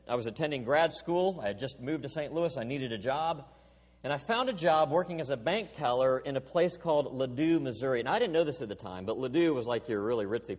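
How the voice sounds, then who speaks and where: Middle-aged male pastor, lively sermon delivery, husky, reverberant hall. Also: mid-range voice. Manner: storytelling, animated.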